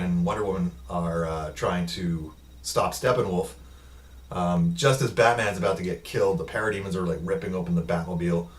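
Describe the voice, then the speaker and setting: A man's voice: deep voice, distant mic. A man giving a casual, rambling film review recap, with lots of ums and uhs, quoting the characters in his own voice.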